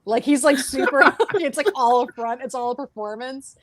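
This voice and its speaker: A woman co-hosting a podcast in casual chat, animated, acting out quotes and laughing often. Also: high voice, moderate pace. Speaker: podcast co-host.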